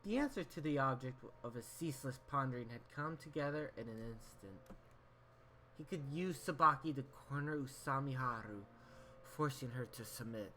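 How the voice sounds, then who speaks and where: A man at a middle pitch reads a visual novel's narration aloud for his channel, slipping in casual, slangy remarks. There is a faint hiss in his recording. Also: moderate pace, bright, forceful tone, low-quality recording. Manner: plain reading voice, casual slangy asides. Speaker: gaming YouTuber.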